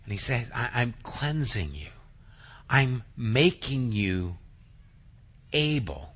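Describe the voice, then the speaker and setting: A man preaching a sermon as pastor, reading scripture dramatically and then talking quietly and earnestly to the congregation. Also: medium pitch, sing-song, slow, slightly rough, lo-fi sound.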